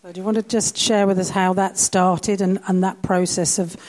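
A woman hosting an onstage interview, guiding her guest with gentle questions. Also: medium pitch, little pitch movement, normal speed. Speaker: host interviewing a speaker.

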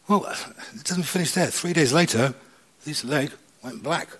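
A man telling his own life story to an audience, animated and acting out the conversations he recalls. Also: on the high side, moderate pace, husky. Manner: animated storyteller, acts out dialogue. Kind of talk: personal testimony to an audience.

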